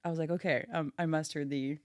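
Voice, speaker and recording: A woman's voice: sits low, fairly even intonation, fast, a little mellow, no echo, clean studio sound. A woman from France in her thirties with a French accent, chatting casually as a podcast guest and filling her talk with "like.". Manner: chatty, many fillers like "like". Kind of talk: casual chat.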